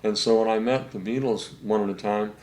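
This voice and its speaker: An older man, a session saxophonist, telling rambling anecdotes in a relaxed interview, full of fillers. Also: on the low side, fairly quick, a little hiss or hum. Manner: rambling anecdotes with many fillers, acts out quotes.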